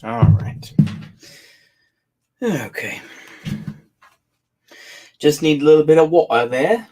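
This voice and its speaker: A man reading a memoir aloud in a relaxed, halting way, pausing to fix his misreadings and add casual asides. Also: fairly high pitch. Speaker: audiobook reader.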